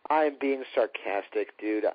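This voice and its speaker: Husky, sarcastic man on a podcast. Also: mid-range voice, normal speed, dry recording. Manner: sarcastic, opinionated. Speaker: podcast co-host. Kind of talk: casual wrestling talk show chat. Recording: dull lo-fi dry recording.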